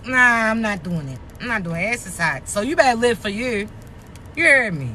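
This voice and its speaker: A raspy woman with a Maryland accent, speaking high and bright as she gives a casual motivational talk to camera. She is blunt and streetwise, swears freely, and keeps asking her listeners if they understand. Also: slight background noise. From Maryland, United States. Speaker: motivational social media creator.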